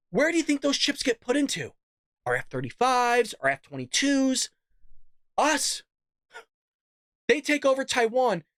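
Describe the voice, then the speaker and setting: A man hosting a political show, ranting hotly and tripping over his own restarts. His pitch swings widely as he vents. The sound is dry and close with no room echo. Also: a bit bright. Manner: heated, exasperated ranting with frequent restarts. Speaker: political commentary host. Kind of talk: live political commentary.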